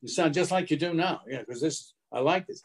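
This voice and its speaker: A man voicing a blunt, middle-aged American male TV executive, frank and brash, in a voice higher than his own. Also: fairly quick, husky. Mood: insistent.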